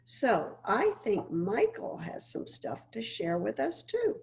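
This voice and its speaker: A woman's voice: a little high, huge pitch swings, takes it slowly, vocal fry. Upbeat older woman on a video call. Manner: upbeat, warm, enthusiastic. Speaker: cruise line guest presenter. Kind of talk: casual virtual chat.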